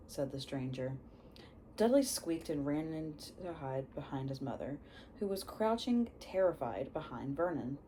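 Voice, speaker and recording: A young woman reading a book aloud, unhurried, often stumbling over words and correcting herself. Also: sits low, lively intonation, mellow, a little hiss or hum, rough recording. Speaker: reader. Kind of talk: storybook read-aloud.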